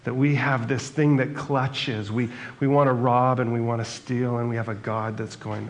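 A man's voice: medium pitch, flat delivery, moderate pace, hardly any pauses, slight background noise. A man preaching a sermon in a conversational way, reading scripture passages aloud between his own remarks. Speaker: pastor.

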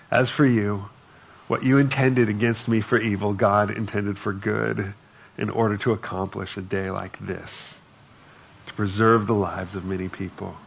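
A man's voice: fairly low pitch, gravelly, breathy edge. A man preaching a sermon in a conversational way, reading scripture aloud between his own remarks. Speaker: pastor.

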